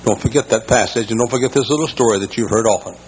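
An older man preaching a sermon as pastor, telling a story in a folksy way and repeating key words slowly for emphasis. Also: mid-range voice, darkish tone, low-quality recording. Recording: faint background noise in a large church.

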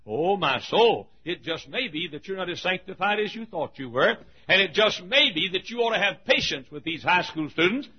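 A man preaching an emphatic sermon in a church, often shouting. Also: high voice, expressive, normal speed, hardly any pauses. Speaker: pastor. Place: church sanctuary. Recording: dull, husky lo-fi church recording.

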